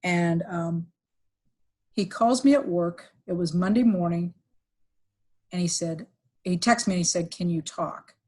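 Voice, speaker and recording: A middle-aged woman recounting a painful family story on a podcast, with halting restarts and fillers, sometimes quoting others in livelier voices. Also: lowish voice, dark tone. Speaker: podcast guest, executive recruiter. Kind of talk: emotional personal storytelling.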